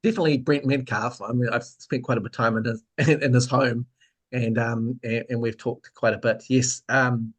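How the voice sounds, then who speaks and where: A man's voice: medium pitch, steady tone, normal speed. A man, a guest author in a casual discussion, explaining thoughtfully and trailing off into fillers.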